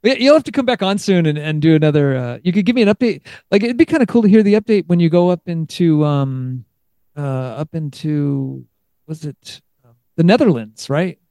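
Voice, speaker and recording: A man's voice: a little high, normal speed, no room sound. A young man hosting a podcast, chatting casually and telling stories with lots of laughter and restarts. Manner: laughs often, animated storytelling with many restarts. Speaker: podcast host. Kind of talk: casual interview chat.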